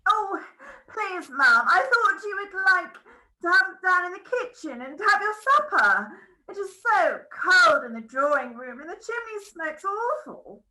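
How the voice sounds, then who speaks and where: A woman's voice: very high-pitched, very animated, unhurried, bright, forceful tone, a little hiss or hum, exaggerated voice, poor audio. A woman reading the part of a flustered young housemaid who fusses in a breathless way. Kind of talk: script read-through.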